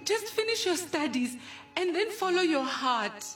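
Brief: a woman playing a consoling South African mum, animated pitch, faint music behind. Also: a little slow, heavily acted. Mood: pleading. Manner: pleading, consoling. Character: worried, soothing mother. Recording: distant mic, faint music.

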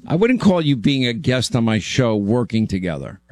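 A man's voice: mid-range voice, big pitch swings, normal speed, darkish tone, dry recording. Brash man hosting talk radio. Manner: brash, blunt, joking. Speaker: radio talk show host. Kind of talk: talk radio chat with a guest.

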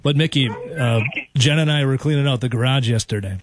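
A man hosting a sports radio show, teasing and joking in casual banter with his co-host and a caller. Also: medium pitch. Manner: joking, teasing, quick asides. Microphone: studio microphone.

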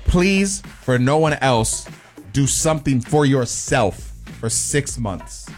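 A man's voice: medium pitch, animated, takes it slowly, over music. A man hosting a casual group talk, reading out a list of tips and chatting easily with his guests. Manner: easygoing, reads items aloud, laughs along. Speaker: podcast host reading a list.

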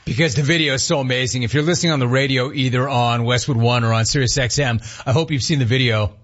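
Guy hosting sports radio, husky voice, gets loud and laughy, kinda muffled sound. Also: mid-range voice, fast. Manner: animated, laughing, mock outrage. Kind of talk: sports talk radio monologue.

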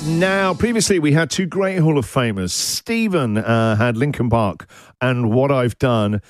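A man's voice: mid-range voice, expressive, measured pace. A man hosting a radio show, chatting playfully and laughing often. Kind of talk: casual radio banter. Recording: background music under the voice.

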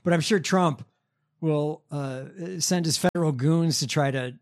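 A fairly high-voiced man, a little hoarse from allergies, co-hosts a political talk show. He speaks calmly and hesitantly, with lots of uh and um, and reads quotes aloud. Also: measured pace. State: losing his voice from allergies. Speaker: co-host.

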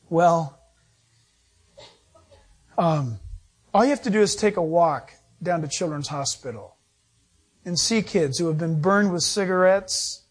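A middle-aged male pastor preaching a sermon, acting out quotes and laughing as he goes. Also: sits high.

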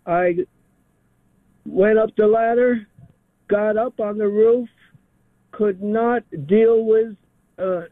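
Halting older man on a phone line. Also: high voice, fairly even intonation, dry recording. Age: 70s. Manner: halting, many fillers. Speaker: caller. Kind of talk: call-in radio talk.

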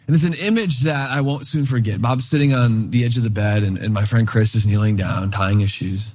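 A man preaching a sermon in a relaxed, conversational way, telling a story and voicing the people in it. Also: mid-range voice, fairly quick, hardly any pauses, breathy edge. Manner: conversational, animated retelling with quoted voices. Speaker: pastor.

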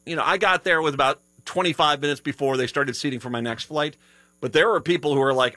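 A man's voice: mid-range voice, fast, sharp tone, no room sound. A tired man hosting a live radio show, chatting casually and rambling with many restarts. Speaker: radio host. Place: radio studio.

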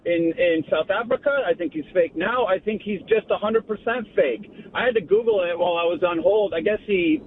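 A man calling in to a radio show, indignant and rambling. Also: high voice. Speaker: caller. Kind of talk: call-in radio. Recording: tinny phone line with road noise.

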